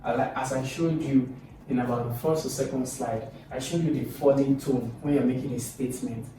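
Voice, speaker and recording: A man teaching a recorded lesson, lively and demonstrative, often pushing his pitch up on example phrases. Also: a little fast, slight background noise. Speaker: English teacher. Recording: echoey room from a distance.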